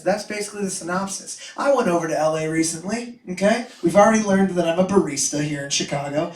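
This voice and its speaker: A young man doing a crude, self-mocking stand-up set in a comedy club, bursting into loud shouts. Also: sits high, distant mic. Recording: echoey room, mic heard from afar.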